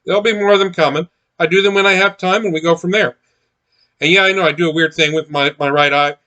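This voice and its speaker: A man's voice: on the high side, fairly even intonation, fast talker, sharp tone. A man chatting casually as he unboxes miniatures, rambling with many fillers and restarts. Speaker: miniatures collector unboxing blind boxes.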